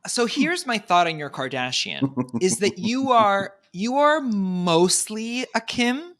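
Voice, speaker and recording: A man's voice: sits high, sing-song, slow, fairly bright tone. A man co-hosting a podcast, chatting playfully and teasing. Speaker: podcast co-host. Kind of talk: casual chat.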